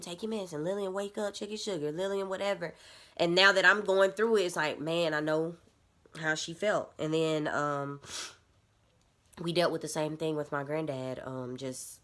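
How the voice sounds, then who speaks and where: Young woman, vlogger, casual storytelling, lowish voice, animated, emotional. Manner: animated, addresses viewers as y'all, emotional.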